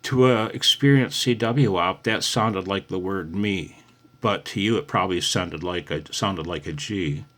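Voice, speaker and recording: A man's voice: low-pitched, a little slow, a bit bright, slight background noise. An older man giving a casual, chatty radio lesson, often calling the listener "man". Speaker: ham radio instructor.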